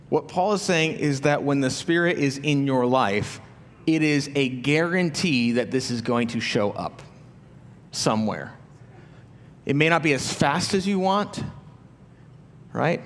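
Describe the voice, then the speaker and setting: A man's voice: fairly high pitch, expressive, unhurried, big-room sound. A man preaching a sermon as a pastor, talking conversationally with rhetorical questions and acting out the inner voices of his listeners. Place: church auditorium.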